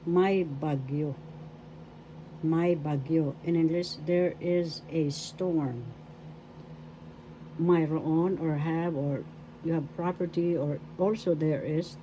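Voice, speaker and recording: A woman from the Philippines teaching a slow language lesson, measured and repeating each example phrase. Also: sits low, mellow, dull audio, slight background noise.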